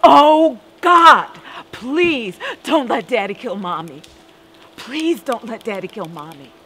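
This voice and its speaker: A woman's voice: a little high, animated, slow, a bit bright, slight background noise, voice pushed up. A woman voicing a terrified little girl who cries out a sobbing, pleading prayer.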